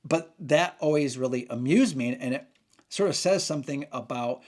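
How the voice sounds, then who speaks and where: A man's voice: mid-range voice, normal speed, darkish tone. A man hosting a casual opinion monologue, rambling and often stopping to correct himself. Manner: rambling, frequent restarts and self-corrections. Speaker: channel host.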